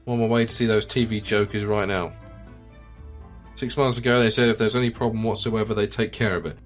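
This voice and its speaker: A man's voice: lowish voice, normal speed, faint music behind, natural voice. A man reading the lines of a bitter, self-pitying, middle-aged widowed farmer in a video game, resentful and defensive in tone. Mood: aggrieved. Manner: resentful, defensive, plain-spoken.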